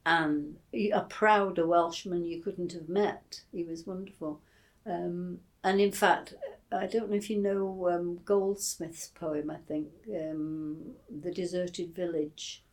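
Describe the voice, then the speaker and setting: An older Englishwoman shares childhood memories in an oral history interview, speaking slowly in a steady, lowish voice. She hesitates often, with many fillers and restarts, yet tells her stories fondly.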